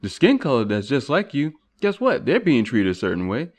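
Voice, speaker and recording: A man's voice: mid-range voice, wildly swooping pitch, moderate pace, darkish tone. A man voicing a pushy man who insistently scolds someone about who he is. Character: pushy man lecturing someone on his identity.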